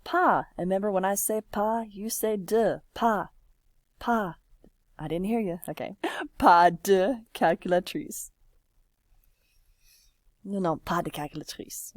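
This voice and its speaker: A woman's voice: medium pitch, darkish tone, dry recording, studio quality. A woman teaching a French lesson, patiently walking a class through examples while typing and encouraging answers. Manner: patient, encouraging, slow and drawn-out.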